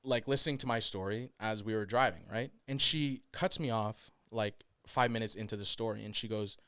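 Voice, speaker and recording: Give me a lively male podcast host telling a story, with a clean, smooth voice in a dry room. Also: lowish voice, moderate pace, dry recording. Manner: animated, laughing, swears freely. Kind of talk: casual storytelling chat.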